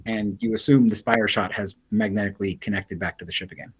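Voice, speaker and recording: A man's voice: fairly low pitch, steady tone, fast, slightly rough, poor audio. Man running a tabletop game, um-filled narration. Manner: descriptive, hesitant with many fillers. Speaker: game master.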